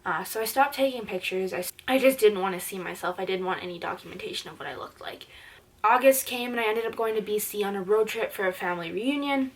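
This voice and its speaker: A young woman from Canada talks straight to the camera about her own life. She is earnest and chatty and leans on "like" as a filler. Her voice sits at an ordinary middle pitch for a woman. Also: fast talker. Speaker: vlogger. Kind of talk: personal storytelling to camera.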